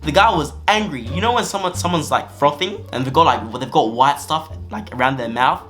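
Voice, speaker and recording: A young man telling a storytime vlog story in an animated, slangy way. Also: a little high, fairly quick. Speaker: vlogger. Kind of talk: storytime narration.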